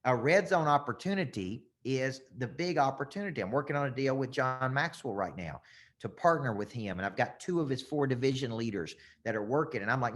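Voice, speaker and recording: A man's voice: mid-range voice, lively intonation, a little fast, a bit bright. A man, a business coach teaching a live webinar over a computer mic, getting worked up and repeating phrases for emphasis.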